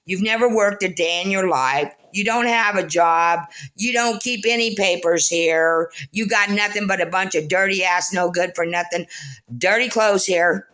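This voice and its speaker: A middle-aged woman with a fairly low, slightly bright voice rambles through a personal monologue for her viewers as a spiritual vlogger. She is blunt, scolding and preachy, addressing her audience as "folks."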